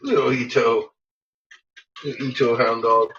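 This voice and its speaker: A man's voice: mid-range voice, fairly even intonation, unhurried, a bit bright. A man vlogging from home in a loose, casual ramble, swearing freely and chatting to himself and his pets. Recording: dull lo-fi home recording with clear background noise.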